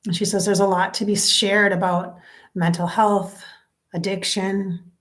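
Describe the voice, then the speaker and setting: Woman, psychic medium, casual chat to viewers, soft whispered asides, average pitch. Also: flat delivery, a little slow. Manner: chatty, addresses viewers directly, drifts into soft near-whispered asides. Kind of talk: casual spoken reading on camera.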